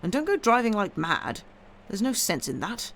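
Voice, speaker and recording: A woman's voice: mid-range voice, big pitch swings, moderate pace, fairly bright tone, a little hiss or hum, pitched above the performer's own voice. A woman voicing an ardent, impatient young man in a read-aloud story, urgent and pleading.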